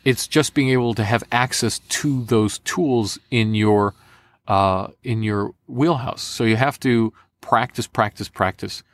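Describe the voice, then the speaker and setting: A man, a voice actor, giving animated, repetitive advice in a casual interview. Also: medium pitch, unhurried. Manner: animated, demonstrative, repeats for emphasis. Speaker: voice actor guest.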